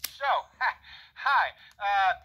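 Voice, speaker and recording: A man's voice: high-pitched, lively intonation, very slow, bright, forceful tone, exaggerated voice, low-quality recording. A man voicing a jolly cartoon cowboy toy in short voice box phrases, chipper and chuckling in a cowboy drawl.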